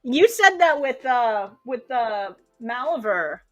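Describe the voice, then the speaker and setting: A woman's voice: fairly high pitch, lively intonation, slow, a bit bright, faint music behind. A woman co-hosting a livestream, teasing her partner in a dry, mock-sulky way during casual banter.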